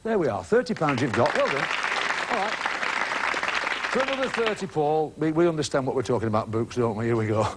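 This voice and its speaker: Chummy, lively-voiced game show host man. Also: on the high side, a little fast, over a noisy crowd. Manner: chummy, teasing banter with contestants. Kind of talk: jokey TV game show hosting. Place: TV studio before a live audience. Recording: 1980s broadcast with studio audience and hiss. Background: studio audience.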